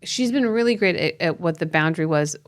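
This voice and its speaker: A woman's voice: fairly low pitch, expressive, fairly quick. Wry woman co-host chiming in. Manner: wry interjections, laughs easily. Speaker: podcast co-host. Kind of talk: casual chat.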